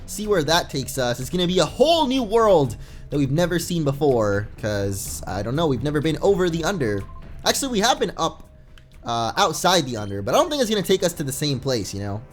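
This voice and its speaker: Here a young let's play gamer rambles casually while he plays, sometimes reading game text aloud. His voice is on the high side, very animated and a little fast. Faint music from the game can be heard.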